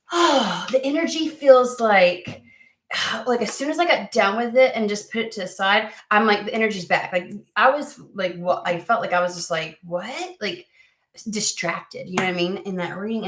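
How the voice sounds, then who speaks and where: An American woman who reads tarot chats casually to camera, rambling and halting with many fillers and restarts. Her mid-range voice is a bit bright, and the room is echoey.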